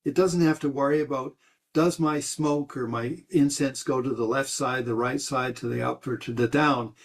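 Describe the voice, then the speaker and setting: A man's voice: mid-range voice, steady tone, moderate pace. A man teaching meditation, answering a student's question in a loose, rambling way with many restarts and the odd chuckle. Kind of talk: dharma talk answering questions.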